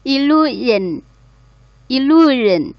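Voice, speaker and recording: A woman student repeats vocabulary words with great care over a muffled online call. Her pace is very slow and her voice slightly high. The sound is dry and close. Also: animated, dry recording. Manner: careful, repeats each word. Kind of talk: pronunciation drill.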